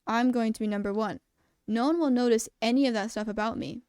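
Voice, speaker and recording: A woman doing a hot-tempered teenage boy who barks his lines with loud scorn. The voice is fairly high and recorded close and dry. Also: fairly quick, clear, resonant tone, no echo, natural voice. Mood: angry. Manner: shouting, scornful, aggressive.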